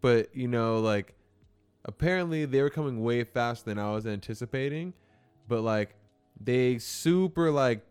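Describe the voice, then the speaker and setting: A man's voice: mid-range voice, moderate pace, darkish tone, smooth, faint music behind. A man chatting casually, laid-back and swearing, acting out what people said. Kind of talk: casual chat.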